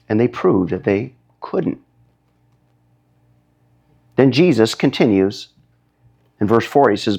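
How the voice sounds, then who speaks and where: Guy preaching a sermon, slow and deliberate, voice climbs way up when he gets fired up. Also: gravelly, a little mellow, muffled recording. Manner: emphatic preaching, pitch climbing high when stirred. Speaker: pastor.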